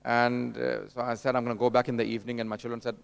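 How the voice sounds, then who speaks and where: A man's voice: mid-range voice, flat delivery, fast talker, gravelly, smooth. A man giving a conversational sermon at a religious gathering, addressing the audience directly and telling anecdotes. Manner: tells anecdotes and acts out dialogue. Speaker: religious lecturer at a mourning gathering.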